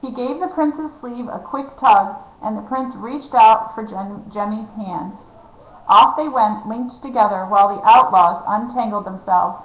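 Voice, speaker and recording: A woman reading a children's novel aloud, lively and dropping to a hush in tense moments. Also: mid-range voice, a little slow. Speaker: reader. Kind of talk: storybook reading. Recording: echoey, dull lo-fi room.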